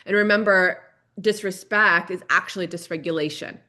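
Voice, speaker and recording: A woman's voice: on the low side, steady tone, moderate pace, pushed and bright. A woman hosting a parenting podcast solo, earnest and repetitive, often checking in with "right?". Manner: earnest, repeats key points, frequent "right?".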